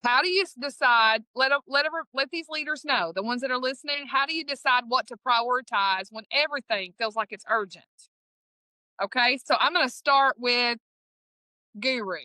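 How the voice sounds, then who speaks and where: A woman's voice: high-pitched, normal speed, bright, forceful tone, no echo, poor audio. A woman with an East Texas Southern accent hosting a podcast in a folksy, upbeat way, often restarting her sentences. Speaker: podcast host.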